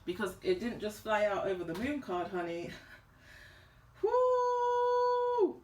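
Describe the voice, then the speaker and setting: A woman giving a tarot reading in a vlog, talking in an emphatic, animated and slangy way. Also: medium pitch, measured pace, noisy background. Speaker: tarot reader. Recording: roomy echo.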